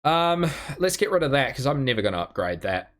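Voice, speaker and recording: A man's voice: mid-range voice, big pitch swings, brisk, fairly bright tone. A man streaming a video game, chatting casually with frequent ums and chuckles. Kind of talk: casual live gameplay commentary. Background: faint game music.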